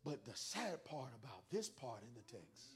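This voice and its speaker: A male pastor preaching a sermon with comic stories, animated, with stammering restarts that build into shouts. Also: mid-range voice, moderate pace.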